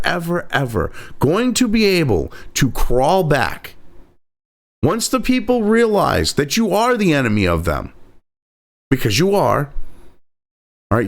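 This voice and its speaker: A man hosting a heated, profane political commentary, talking sarcastically and swearing constantly. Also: a little high.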